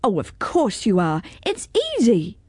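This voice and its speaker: A woman's voice: mid-range voice, very animated, unhurried, warm tone, breathy edge, no echo, studio quality. A woman reading a storybook aloud, voicing a brave young girl who wants to be a knight, firm and stern.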